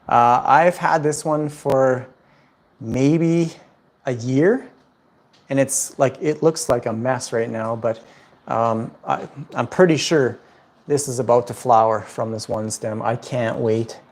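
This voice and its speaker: A man hosts a laid-back livestream from his home, answering viewer questions about houseplants. His voice sits at an ordinary middle pitch. He rambles cheerfully, leaning on lots of "um" and "like" as he goes. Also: slow. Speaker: plant livestream host. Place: at home indoors.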